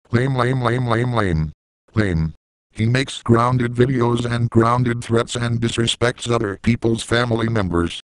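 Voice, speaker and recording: A man delivering a scripted rant in a flat, measured way. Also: mid-range voice, clear, resonant tone, dry recording, rough recording. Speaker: YouTube ranter.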